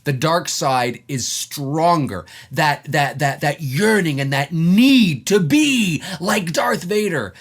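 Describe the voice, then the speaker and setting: A man's voice: on the high side, lively intonation, slow pace, few pauses. A man giving an emphatic, profane opinion vlog about a film scene, acting out quoted lines as he goes. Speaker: film commentator.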